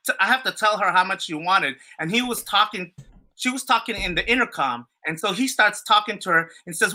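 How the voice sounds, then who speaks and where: A man chatting on a podcast, spinning a story in loose, rambling fashion. His voice is very bright, and he swears freely and leans on fillers and restarts. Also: high voice. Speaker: podcast co-host. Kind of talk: casual storytelling chat.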